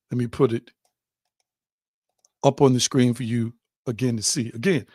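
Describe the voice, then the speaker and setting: A man's voice: medium pitch, vocal fry, darkish tone, breathy edge, dry recording, studio quality. A man delivering an online spiritual teaching, emphatic, repeating phrases for stress and calling his listeners family.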